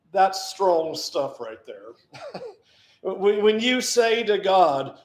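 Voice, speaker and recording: A man's voice: high voice, lively intonation, slow. A man preaching a sermon, reading scripture aloud and stressing his points by repeating key phrases. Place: church auditorium. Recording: echoey church room.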